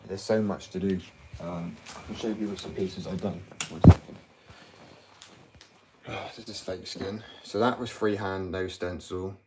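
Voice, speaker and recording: Low-voiced man rambling casually. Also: steady tone, a little slow, heavy background noise. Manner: rambling, frequent "like" fillers, blunt and swearing. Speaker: skateboard company owner and hobby tattoo artist. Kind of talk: casual interview chat.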